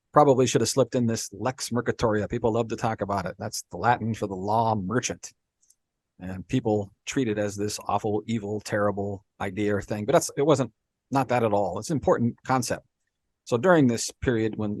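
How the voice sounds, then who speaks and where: A man co-hosting a podcast, explaining history in a relaxed, conversational way and checking in with "right?" often. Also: on the low side, dry recording. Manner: explains with frequent "right?" and "you know". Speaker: podcast co-host. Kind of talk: casual explanatory chat.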